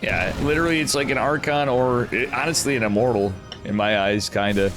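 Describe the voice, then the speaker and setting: A man's voice: medium pitch, a little fast, music in the background. A man co-casting a strategy game match, rambling and casual, swearing and cracking crude jokes. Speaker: esports co-caster.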